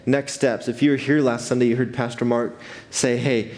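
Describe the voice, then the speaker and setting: A man preaching a sermon as pastor, animated and conversational with frequent restarts. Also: mid-range voice, normal speed. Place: church sanctuary. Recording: long hall reverb.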